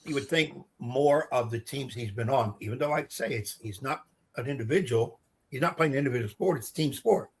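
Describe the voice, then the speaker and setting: A middle-aged man co-hosting a casual sports talk show as a coach, measured and reflective, laughing easily. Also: mid-range voice, husky. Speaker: co-host, coach.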